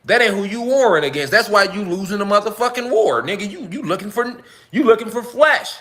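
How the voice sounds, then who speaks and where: A man speaking delivers a fervent, repetitive monologue full of profanity. His voice sits high and bright, sharp at the edges. He circles back on his phrases as he presses his point. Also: lively intonation, fairly quick. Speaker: social media commentator.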